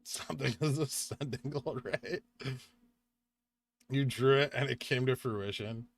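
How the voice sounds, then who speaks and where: A young man hosting a casual livestream, chatting with viewers, reading out donations and making quick asides. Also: mid-range voice, creaky. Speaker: livestream host.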